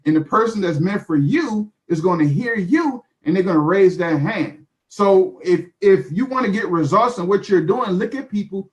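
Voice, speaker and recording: Man, young adult, high voice, emphatic and repetitive, motivational live talk. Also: lively intonation, moderate pace, hardly any pauses. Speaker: online marketer sharing his story. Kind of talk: animated talk on a live call.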